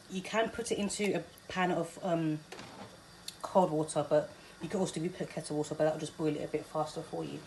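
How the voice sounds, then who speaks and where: A woman's voice: low-pitched, a little mellow. A young woman demonstrating a recipe in her home kitchen, chatty and self-deprecating, with fillers and small laughs. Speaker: cooking vlogger. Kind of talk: casual cooking demonstration. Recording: noisy kitchen recording.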